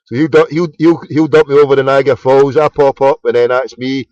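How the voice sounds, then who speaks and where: A man's voice: mid-range voice, level tone, fairly quick, a little mellow, dry recording, highs cut off. A Scottish man hosting a late-night phone-in, rambling in casual chat with lots of stammered restarts. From Scotland. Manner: rambling, stammering restarts, says mate a lot. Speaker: host of a phone-in.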